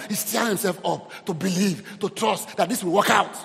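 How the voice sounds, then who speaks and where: In a church hall, a pastor preaches with call-and-response energy, calling out praise and exclamations to the congregation. His high voice is animated, creaky and fairly bright, at normal speed with few pauses, and the recording has a long hall reverb.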